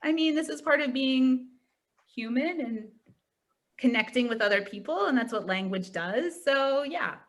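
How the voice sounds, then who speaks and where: A woman's voice: high-pitched, unhurried. A woman from Pittsburgh, a tutor trainer, giving a chatty training talk over a video call and telling anecdotes. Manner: chatty, animated storytelling with lots of "like".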